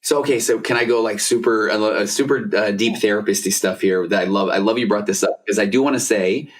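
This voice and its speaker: A man's voice: lowish voice, a little fast. A middle-aged man, a therapist hosting a podcast, talking casually and rambling with lots of fillers and restarts. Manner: rambling, self-interrupting, frequent fillers. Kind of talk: casual conversational interview.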